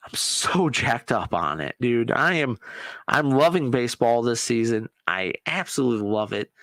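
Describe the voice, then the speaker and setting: A man hosting a podcast, chatting casually and excitably about sports and swearing now and then. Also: mid-range voice, normal speed, dry recording. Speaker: podcast host. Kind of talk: casual solo chat.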